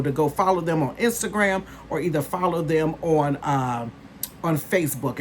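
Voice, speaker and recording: A woman in her fifties chatting casually to her viewers as a vlogger, calling them "honey" and "you guys" and bursting into excitement. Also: low-pitched, a little hiss or hum. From northern United States. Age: 50s.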